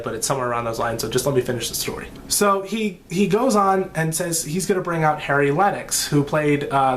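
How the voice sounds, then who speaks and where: A man chatting excitedly in a casual comics vlog, rambling and breaking into shouts, sleepless at dawn. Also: mid-range voice, a little hiss or hum. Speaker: comics vlogger.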